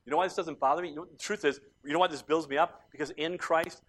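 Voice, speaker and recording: A male pastor delivering a sermon with a fairly high voice. He preaches with passion, dropping to quiet, close moments and then building to loud, fervent peaks. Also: fairly even intonation, quick pace, hardly any pauses. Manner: impassioned preaching that swings between soft and loud.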